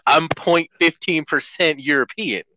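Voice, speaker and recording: A man's voice: fairly high pitch, sharp tone, a little hiss or hum, rough recording. A man co-hosting a casual podcast while gaming, rambling and joking with frequent laughter. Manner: laughs often, rambling, jokey and apologetic. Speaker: podcast co-host. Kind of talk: casual chat while playing a video game.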